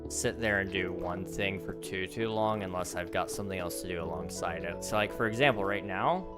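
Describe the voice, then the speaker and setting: Over background music, this deep-voiced streamer talks casually to his live audience as he plays. His voice is slightly hoarse and fading, and his chatty delivery is full of ums and quick bursts of laughter.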